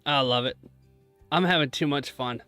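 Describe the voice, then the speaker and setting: A man's voice: medium pitch, normal speed, bright, forceful tone, faint music behind. A young man chatting casually on a live stream, joking about himself and cheering his trades on. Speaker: livestreaming day trader.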